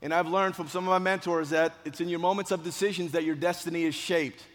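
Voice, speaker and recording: A man, once a police officer, telling a personal story as a motivational speech, dramatic and swinging between hushed and loud. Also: a little high, steady tone, quick pace. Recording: long hall reverb.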